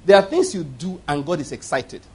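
A man's voice: fairly high pitch, big pitch swings, a little fast, darkish tone, husky. A middle-aged man preaching a sermon, telling stories with emphatic repetition. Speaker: pastor.

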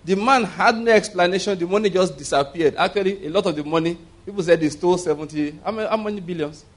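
A man's voice: high-pitched, fast. A man preaching a sermon, often checking whether the congregation is following him and leading them in repeating his words. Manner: asks the congregation if they hear him, leads call-and-response with laughs. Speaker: pastor.

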